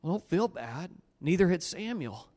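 A man preaching a sermon, telling a story with animated swings between loud bursts and low, earnest pleas. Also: moderate pace, big-room sound.

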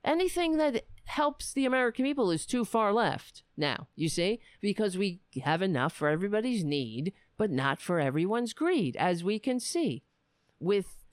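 A woman's voice: mid-range voice, very animated, normal speed, no echo. A woman hosting a podcast, talking in a blunt, profane, rambling way in casual commentary. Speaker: podcast host. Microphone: webcam setup.

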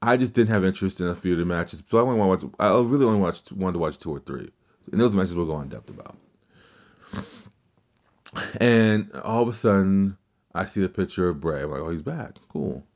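The man hosting this casual wrestling podcast sits low in pitch, sounding animated and slightly mellow as he talks a little fast with frequent pauses. The audio is dull, and his rambling, profane takes are full of restarts and imitated quotes.

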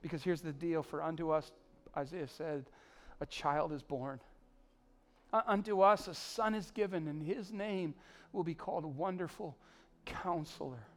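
Pleading preacher man, slightly high voice. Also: a little slow. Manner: pleading, rising to emphatic peaks then dropping soft. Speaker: pastor. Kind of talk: sermon.

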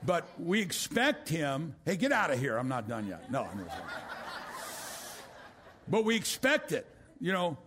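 An older man preaching a sermon as a pastor, swinging from loud exclamations down to a hushed voice. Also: fairly high pitch, very animated, measured pace, background noise. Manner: rising to loud exclamations, then dropping to a hush.

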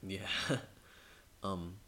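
A man's voice: deep voice, extremely slow, fairly bright tone, slight background noise. A man co-hosting a podcast in casual chat, telling rambling stories with lots of fillers. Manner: rambling storyteller, many fillers. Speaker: podcast co-host.

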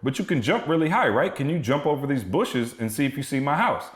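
A man voicing his young son as an excited little boy telling a story, in an echoey room. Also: mid-range voice, fairly quick, close to an everyday voice.

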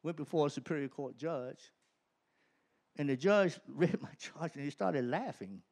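A man telling his personal testimony to an audience, animated and often laughing mid-sentence as the story builds. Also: fairly high pitch, unhurried, gravelly. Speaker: speaker giving a personal testimony.

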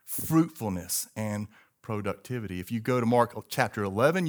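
A man's voice: medium pitch, fairly bright tone. A middle-aged male pastor preaching a sermon emphatically, calling on the congregation to repeat words with him.

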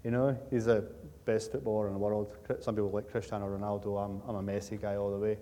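With a lowish, dark voice and a flat, quick delivery, a Scottish man preaches in a church sanctuary. He still jokes and tells stories conversationally, repeating things emphatically, while the hall's long reverb trails behind.

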